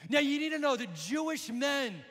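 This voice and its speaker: A male pastor preaching with energy, swinging from shouts to hushed lines. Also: very high-pitched, very animated, normal speed. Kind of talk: sermon. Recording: long hall reverb.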